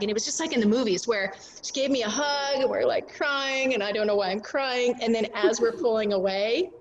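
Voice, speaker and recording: A woman's voice: medium pitch, a little hiss or hum, low-quality recording. Frank, profane middle-aged woman vlogger. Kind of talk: casual storytelling vlog.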